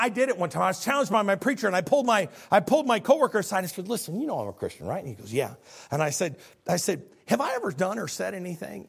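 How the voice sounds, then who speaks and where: A man preaching a sermon, earnest and animated, asking the congregation questions. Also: high-pitched, vocal fry, slightly rough.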